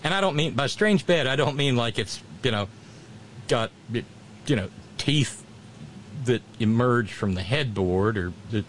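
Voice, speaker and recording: A man's voice: medium pitch, lively intonation, measured pace, slight background noise. A middle-aged man, casually chatting and reading viewer comments, rambling with many restarts and wry asides. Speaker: livestream host.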